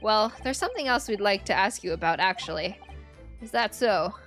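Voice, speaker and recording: A woman's voice: mid-range voice, expressive, a little fast, fairly bright tone, lightly acted. Brief: a woman reading an earnest young lawyer, polite and plain, faint game music.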